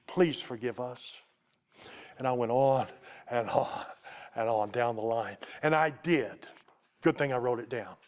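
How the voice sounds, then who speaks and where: A man preaching, telling a heartfelt story from the pulpit. His voice sits at an everyday middle pitch, and he slows and sinks almost to a whisper at the most tender points before lifting again. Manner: emotional testimony, slows to a hush at tender moments. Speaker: Baptist preacher. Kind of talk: storytelling sermon.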